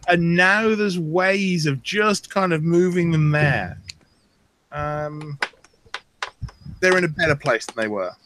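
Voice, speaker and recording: Slightly high-pitched male podcaster explaining rules. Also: slow, long pauses, a bit bright, slight background noise. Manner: explains rules patiently, hesitant ums. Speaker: podcast co-host. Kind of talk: casual gaming chat.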